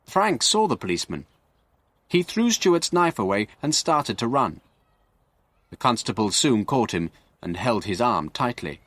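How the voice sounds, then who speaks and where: A man narrating a graded-reader story for English learners in a slow, clear and expressive way. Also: medium pitch, no room sound.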